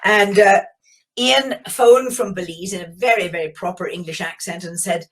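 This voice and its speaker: A woman's voice: medium pitch, moderate pace. Northern Irish woman telling her story. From Belfast, Northern Ireland. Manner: reflective, enthusiastic, with many fillers and restarts. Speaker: geologist giving a guest talk. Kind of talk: webinar storytelling presentation. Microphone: video call.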